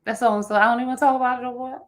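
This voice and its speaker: A woman with a Philadelphia accent co-hosting a live chat show, talking in an animated, emotional way and breaking into song now and then. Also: fairly high pitch, racing. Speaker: podcast co-host.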